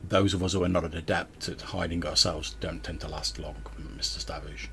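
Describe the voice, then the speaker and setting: A man voicing a calm woman who leads a band of forest bandits, speaking low and measured. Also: creaky, slight background noise. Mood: calm firm.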